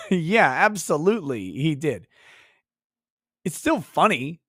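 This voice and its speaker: A man's voice: a little high, very animated, slow, no echo, clean studio sound. Profane man hosting a live stream. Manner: profane, mock-ranting at chatters. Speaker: livestream host. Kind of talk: casual live-stream commentary reading chat.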